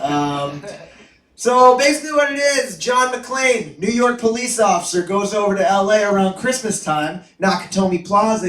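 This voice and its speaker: A young man performs stand-up on a club stage, crude and self-mocking, with a high voice that breaks into loud shouting. He sounds a bit far from the mic, and the room rings with echo. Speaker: stand-up comedian. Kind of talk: stand-up comedy set. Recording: echoey room, mic heard from afar.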